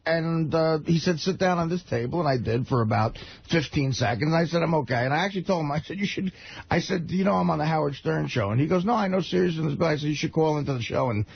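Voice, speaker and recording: A man telling a rambling story on a talk radio show, halting and stammering, with plenty of swearing. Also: on the high side, animated, vocal fry, breathy edge. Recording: lo-fi radio broadcast audio.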